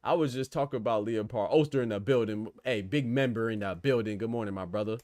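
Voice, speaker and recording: Fast-talking man hosting a boxing podcast. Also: lowish voice, no echo. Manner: rapid, conversational, slangy, shouting out chatters. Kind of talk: casual solo commentary reading live chat.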